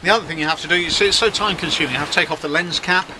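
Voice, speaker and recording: A man's voice: fairly high pitch, racing. A middle-aged man chatting wryly in a casual video diary from the deck of a sailing yacht at sea. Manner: chatty, wry, self-mocking. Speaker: yacht skipper vlogging at sea. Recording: wind and wave noise on deck.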